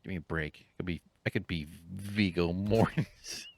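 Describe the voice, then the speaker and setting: A man's voice: deep voice, moderate pace. A middle-aged man rambling relaxedly while playing a game, muttering to himself, humming and dropping jokey asides, sometimes into a whisper. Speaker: gaming channel host. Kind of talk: relaxed rambling gameplay commentary.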